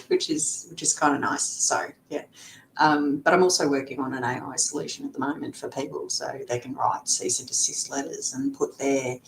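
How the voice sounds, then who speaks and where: A middle-aged woman, a lawyer guest in a casual interview, talking chattily with frequent fillers and laughs. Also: rough recording. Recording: faint background rumble.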